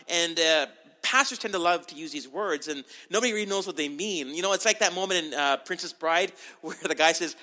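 A middle-aged man from Canada preaching as a pastor in a conversational sermon style, with animated delivery and frequent asides. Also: high voice.

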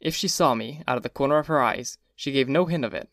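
A man giving a measured, even first-person reading of a classic novel. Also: medium pitch, dry recording, clean studio sound. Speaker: audiobook narrator. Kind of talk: scripted first-person narration.

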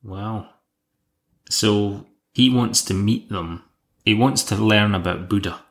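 A man's voice: lowish voice, slow pace, a bit bright. A man hosting a podcast, recapping an episode in a dry, wry, casual way. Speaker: podcast host.

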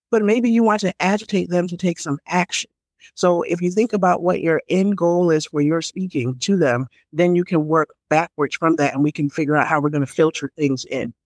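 A middle-aged woman speaking as a communications strategist in an interview, expressive and laughing often as she acts out little quotes. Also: lowish voice, no echo. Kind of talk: conversational interview.

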